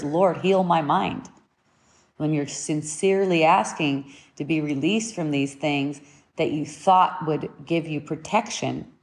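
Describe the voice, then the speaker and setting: Woman teacher talking spirituality, lowish voice, slow and reflective, keeps rewording things. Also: darkish tone. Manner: unhurried, repeats and rephrases her points.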